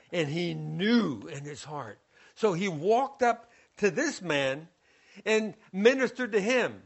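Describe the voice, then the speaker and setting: Animated male preacher, high voice. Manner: storytelling, acts out scenes, animated. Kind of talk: sermon.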